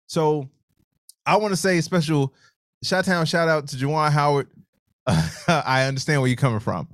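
A man's voice: on the high side, normal speed, no room sound. Guy on a livestream telling a story all fired up, cussing, dry close mic. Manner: animated storytelling, swears freely. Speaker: livestream co-host. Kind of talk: casual chat reading viewer comments.

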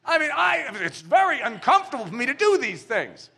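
Sermon bit: preacher playing a whiny, self-pitying sloth guy, high and bright. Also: sing-song, creaky, full character voice. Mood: whining. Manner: complaining, drawn-out whine.

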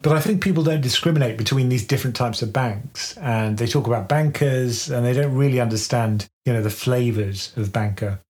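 A man co-hosting a finance podcast, explaining banking in a measured, conversational way with everyday analogies. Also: medium pitch, darkish tone.

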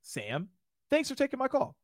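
A man giving a live online sales lesson, energetic and casual, acting out friendly phone openers and checking in with "right?" often. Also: extremely high pitch, moderate pace, no room sound, clean studio sound. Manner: energetic, demonstrates phone lines with a friendly laugh; casual, frequent rhetorical "right?". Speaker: sales trainer.

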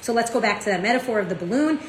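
A woman, teaching in a casual, chatty way. Her storytelling is animated, full of "like" and "right?" asides. The room is echoey, with a faint hum of ambience behind her. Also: fairly high pitch, rapid-fire. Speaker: Torah class teacher. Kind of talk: casual spoken lesson.

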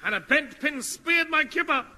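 An excitable, gullible hero. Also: male voice, very high voice, normal speed, over loud music. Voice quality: eager, giggly, theatrical. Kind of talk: 1950s radio comedy acting. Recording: loud hiss on an old radio recording.

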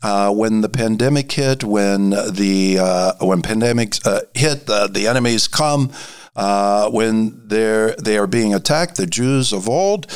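Man, preacher, informal sermon, lowish voice, halting delivery, frequent fillers, hushed emphasis. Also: smooth. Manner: halting, many fillers and restarts.

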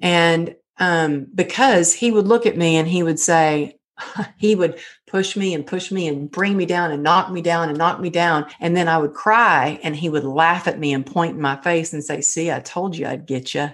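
A woman's voice: fairly low pitch, moderate pace. A middle-aged woman guest telling her own story in a candid, emotional way, full of fillers. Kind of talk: personal storytelling interview.

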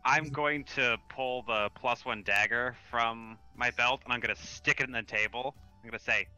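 A man playing a tabletop role-playing game, describing his actions calmly. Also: mid-range voice, normal speed, few pauses, smooth, dry recording, lo-fi sound, faint music behind. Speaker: player.

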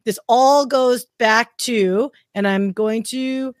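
A woman's voice: fairly high pitch, slow pace, dry recording, clean studio sound. A woman who hosts a live-streamed interview, talking in an emotional, encouraging, chatty way. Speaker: host.

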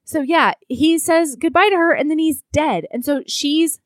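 Animated woman retelling a story, close dry sound. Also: sits high, moderate pace, no room sound. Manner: animated retelling, acting out characters' lines, swearing freely. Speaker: podcast co-host recapping a book. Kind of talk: casual chat, animated book recap.

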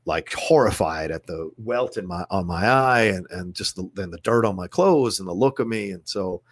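A man who is a podcast guest, telling a personal story in a blunt, profane, animated way, recorded close to a studio mic. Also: sits low, moderate pace, slightly rough. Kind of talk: casual storytelling in conversation.

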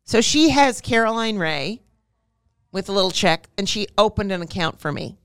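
Animated woman telling a story. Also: mid-range voice, smooth, no echo, clean studio sound. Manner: animated, laughing, quick to interrupt. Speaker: guest. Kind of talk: casual chat and storytelling.

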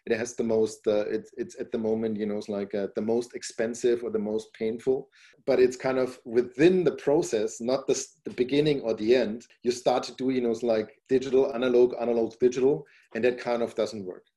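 This man, a founder guesting on a podcast, speaks a little fast in a mellow, medium-pitched voice with fairly even intonation. He rambles at length, keeps saying "you know, it's like," and turns emphatic when pressing a point.

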